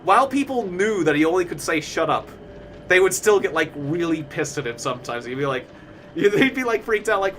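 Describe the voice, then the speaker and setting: A man's voice: sits high, lively intonation, brisk, fairly bright tone, a little hiss or hum. A man chatting casually while streaming a game, rambling with lots of fillers and frequent laughter. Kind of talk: casual live-stream chat while gaming.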